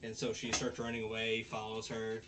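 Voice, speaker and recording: A man's voice: fairly low pitch, completely flat delivery, fairly quick, pushed and bright, slight background noise. Rambling man recapping an episode. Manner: rambling, many fillers and restarts. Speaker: podcast host.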